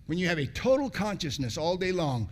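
In a sing-song voice at a fairly quick pace, a man preaches, repeating phrases for emphasis. He alternates between loud, raised bursts and low, hushed lines.

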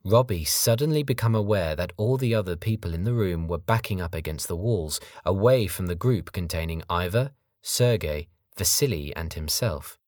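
A man narrating a novel audiobook in a measured, steady reading style. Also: sits low, dry recording, clean studio sound. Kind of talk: scripted narration.

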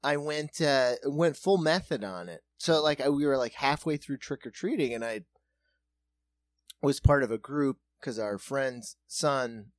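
A man's voice: medium pitch, unhurried, no echo. Laid-back, profane man from South Dakota. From South Dakota, USA. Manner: loose, profane, laughing banter. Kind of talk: casual chat.

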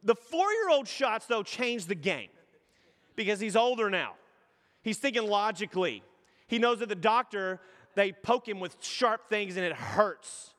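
A man's voice: high voice, measured pace, long reverb tail. A man in his thirties preaching a sermon as pastor, telling stories animatedly and acting out voices. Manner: animated storytelling with acted-out voices.

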